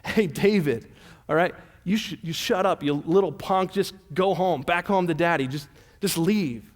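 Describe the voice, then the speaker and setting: A man's voice: sits high, normal speed, lightly acted. A man acting out a young man's angry, scornful older brother, mocking and sputtering with contempt. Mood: scolding.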